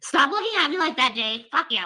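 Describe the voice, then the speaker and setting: Woman doing a vulgar jealous shrew: bright, strident, high voice, all threats and insults. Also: expressive, fast, heavily acted, rough recording. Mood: sneering. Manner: profane, screaming, mocking impression. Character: foul-mouthed jealous woman ranting, shrieking threats. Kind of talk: mocking impression on a livestream.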